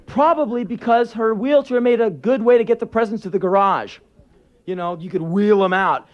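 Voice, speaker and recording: A man's voice: sits high, normal speed, lo-fi sound. A man telling sarcastic, profane anecdotes in a live spoken word performance.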